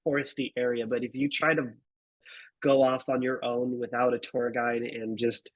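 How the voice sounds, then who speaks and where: Husky man, thirties, slangy and laid-back, dry close sound. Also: medium pitch, little pitch movement, moderate pace, no echo, lo-fi sound. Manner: laid-back, swears, says dude and bro. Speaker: guest photographer. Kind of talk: casual storytelling interview.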